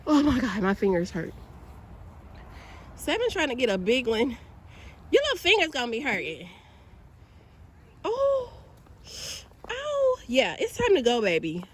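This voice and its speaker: A woman's voice: high voice, wildly swooping pitch, unhurried, long pauses, breathy edge. A woman vlogging outdoors in the snow on a handheld phone, chatty and laughing, cold and a bit out of breath. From Georgia, US. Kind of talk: casual vlog outdoors in snow. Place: outdoors in snow, parking lot. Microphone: handheld phone camera.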